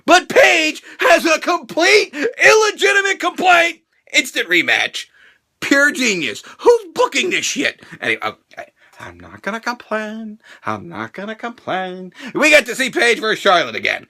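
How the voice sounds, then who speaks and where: Brief: sarcastic ranting male reviewer, very high lively voice, bright and sharp. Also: creaky. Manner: profane, sarcastic, animated ranting. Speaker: wrestling show reviewer. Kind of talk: ranting reaction vlog.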